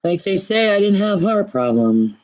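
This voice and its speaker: A woman's voice: mid-range voice, sing-song, moderate pace, a little mellow, highs cut off. A woman chatting casually on a livestream, rambling, sighing and swearing often, out of breath.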